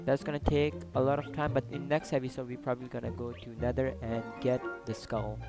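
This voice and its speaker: Excitable man narrating his gameplay. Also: medium pitch, a little fast, over loud music, poor audio. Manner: excitable, loud outbursts, swears and jokes. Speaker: gaming YouTuber. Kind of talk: casual gameplay commentary.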